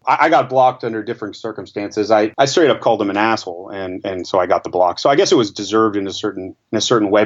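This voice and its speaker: Lower-voiced hesitant analyst man. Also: muffled recording. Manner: measured, hesitant, many fillers and repeats. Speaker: podcast co-host, stats analyst. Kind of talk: casual podcast discussion.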